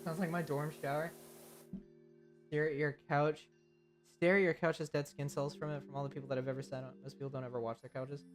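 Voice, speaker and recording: A man's voice: fairly high pitch, level tone, fairly quick, soft background music. Rambling, joking young male streamer. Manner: rambling, joking, answers chat with frequent laughs. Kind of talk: casual live-stream chat.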